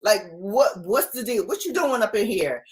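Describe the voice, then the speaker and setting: A woman's voice: medium pitch, lively intonation, moderate pace, lightly acted. A woman voicing her sassy, impatient old female lapdog with a bossy, demanding tone.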